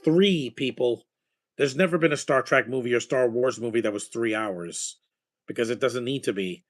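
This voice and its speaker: A man's voice: medium pitch, a little fast. Chatty man rambling over a movie. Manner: chatty, rambling, enthusiastic about film scores. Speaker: movie watcher giving reactions. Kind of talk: casual movie-watching commentary.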